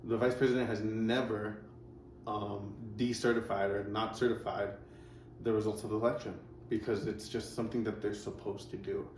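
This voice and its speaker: A man's voice: on the low side, little pitch movement, moderate pace, a little mellow. A man hosting a reaction video, rambling in casual commentary with sarcastic asides. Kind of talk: casual commentary over clips. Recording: roomy, distant mic, faint noise.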